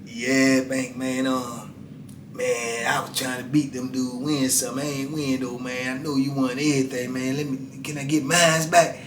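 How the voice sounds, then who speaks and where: A broke inmate, hushed and sheepish, who mumbles low while asking for his money back, as a man mimics him in a story. The voice has a roomy echo around it. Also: flat delivery, moderate pace, a little hiss or hum, natural voice.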